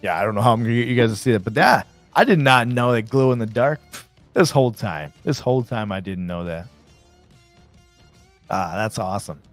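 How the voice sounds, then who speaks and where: Excited man hosting a live stream. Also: on the low side, brisk, faint music behind. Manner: excited, chatty, reads chat aloud. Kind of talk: casual live stream chat.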